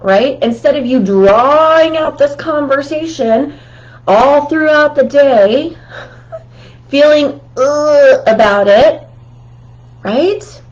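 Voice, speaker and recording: A woman's voice: sits high, lively intonation, slow, pauses often, highs cut off. A woman hosting a casual talk with communication tips, chatty and laughing often. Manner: chatty, laughs often, keeps asking "right?". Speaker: host.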